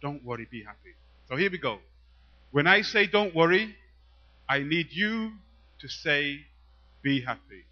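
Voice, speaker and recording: A man's voice: a little high, animated, a little slow, pauses often, bright, forceful tone. A man performing spoken-word poetry live to an audience, teasing the crowd and reciting in a playful, rhythmic way. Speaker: performance poet. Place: live venue in front of an audience. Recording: dull, muffled live recording.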